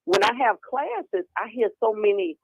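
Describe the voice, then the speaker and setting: A woman speaking over a remote call line, lively and expressive as she acts out other people's words. Her voice has a gravelly edge, and loud noise sits under the whole recording. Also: mid-range voice, unhurried, lo-fi sound. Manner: animated, acting out quoted voices. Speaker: guest speaker on women's health. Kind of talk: casual conversational interview.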